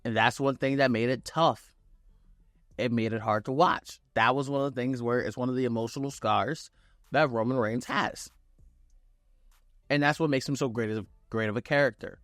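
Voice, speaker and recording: A young man giving a casual, excited wrestling show recap, acting out quotes with loose swearing. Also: medium pitch, normal speed, dry recording, studio quality.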